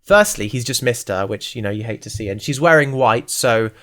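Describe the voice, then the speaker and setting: Podcast co-host, male, English, average pitch; loose, jokey, tangent-prone chat. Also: brisk. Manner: rambling, lively, full of asides and jokes. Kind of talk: casual chat recapping a TV series.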